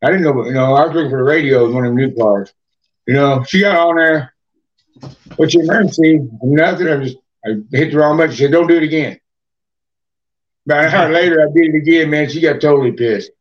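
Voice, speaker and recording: A man's voice: a little high, quick pace, dull audio. An older man, a podcast guest, telling rambling, profane stories in a laid-back way. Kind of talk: casual storytelling.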